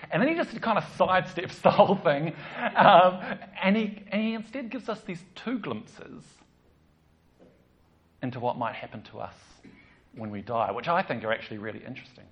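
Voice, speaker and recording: A man preaches in a relaxed, joking way, his pitch rising and falling a lot. The recording sounds a little dull. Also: moderate pace. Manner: chatty, joking, animated. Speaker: pastor. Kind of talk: sermon.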